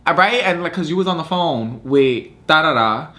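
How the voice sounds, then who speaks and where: A young man hosting a casual storytime vlog, telling the story in an animated way, acting out quotes, with lots of slang and swearing. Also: a little high, normal speed. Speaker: vlogger host.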